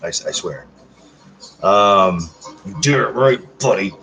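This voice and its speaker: A man's voice: sits low, expressive, slow pace, sharp tone, soft background music, rough recording. A man in his thirties chatting casually on a livestream, reading out comments in a rambling, self-joking way. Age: 30s. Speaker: livestream host.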